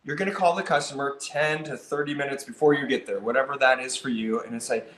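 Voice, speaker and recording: A man's voice: medium pitch, steady tone, fast, few pauses, a bit bright, roomy sound. A man teaching piano technicians about customer service, talking with energy and acting out phone calls and visits. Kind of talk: instructional talk.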